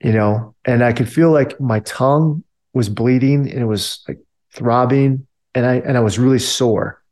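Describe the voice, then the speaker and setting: A man's voice: medium pitch, moderate pace, darkish tone. A man and army veteran telling a story casually, filling his talk with "like" and "you know". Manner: loose, filler-heavy talk with many "like" and "you know".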